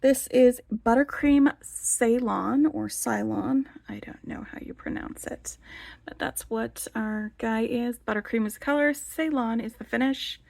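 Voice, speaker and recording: A chatty, enthusiastic woman hosts a casual show-and-tell vlog, her fairly high voice carrying a gravelly fry. She leans on filler words as she talks. The sound is dry and close, with little room around it. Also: moderate pace, a little mellow, dry recording. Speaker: beading channel host.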